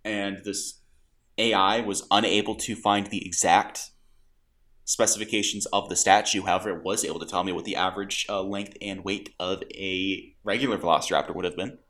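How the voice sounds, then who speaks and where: A man co-hosting a podcast in casual chat, delivering joke setups and punchlines flatly. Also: low-pitched, moderate pace. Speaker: podcast co-host.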